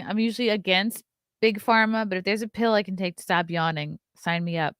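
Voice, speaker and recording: A woman in her thirties hosts a casual morning talk stream, reading news and answering chat comments with blunt opinions; she's chatty, reacts to chat, and yawns often. Her mid-range voice is steady, fairly quick, and fairly bright, captured clean and studio-quality with no room sound.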